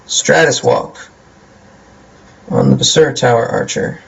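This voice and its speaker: A young man casually commentating his own card game as he plays, joking and thinking out loud. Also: medium pitch, huge pitch swings, a little slow, gravelly, slightly rough, muffled recording. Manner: playful, jokey, talks to himself while playing. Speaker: gameplay commentator.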